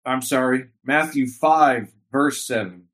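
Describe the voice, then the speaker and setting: A man's voice: mid-range voice, slow, a bit bright. A man preaching a sermon with fervor and emphatic repetition, calling his congregation by a Hebrew word. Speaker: pastor.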